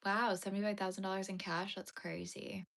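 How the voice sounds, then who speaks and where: Young female streamer, bright voice, mid pitch, easygoing craft-stream chatter. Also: flat delivery, fairly quick, creaky. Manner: chatty, reacts to chat, turns tearful over sad dog movies. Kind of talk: casual live-stream chat while crocheting.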